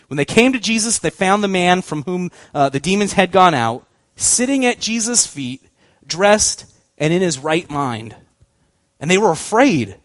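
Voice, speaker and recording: A man giving a storytelling sermon as a youth pastor, animated and acting out voices, laughing often. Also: high voice, no echo.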